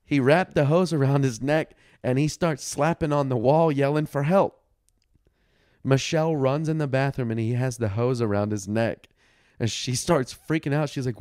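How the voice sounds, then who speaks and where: A podcast co-host, a young adult or in his 30s and a father, tells a family story in casual, profane chat, animatedly acting out what people said. His mid-range voice moves at a moderate pace, and the recording is dry with clean studio sound.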